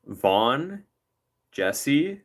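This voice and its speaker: A man's voice: mid-range voice, sing-song, very slow. A man hosting a livestream, chatting casually with rambling jokes. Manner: rambling, joking, playful. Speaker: livestream host.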